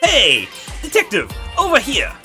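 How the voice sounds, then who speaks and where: A man's voice: extremely high pitch, huge pitch swings, unhurried, pushed and bright, faint music behind, voice pushed up, full character voice. A man voicing a chatty young country girl informant with a folksy drawl, reading game dialogue aloud. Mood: gossipy. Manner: folksy drawl, double negatives.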